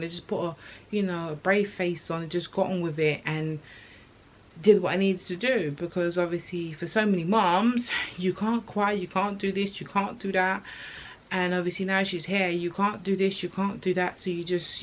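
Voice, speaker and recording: Chatty young woman, open and low. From England. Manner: open, chatty, emotional storytelling with slang. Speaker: vlogger. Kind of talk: candid personal vlog. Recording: faint background noise.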